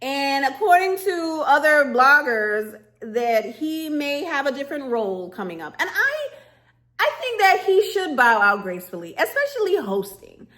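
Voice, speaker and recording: Woman, casual vlog rant, sassy, emphatic, laughs a lot, higher-pitched voice. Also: sing-song, normal speed, a bit bright. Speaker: vlogger reviewing a reality show.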